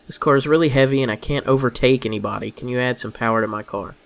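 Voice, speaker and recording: A man's voice: mid-range voice, fast, creaky, a bit bright, a little hiss or hum. A man who works as a car mechanic commentating on a game, muttering to himself in a wry, exasperated way. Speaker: gameplay commentator. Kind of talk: let's play commentary.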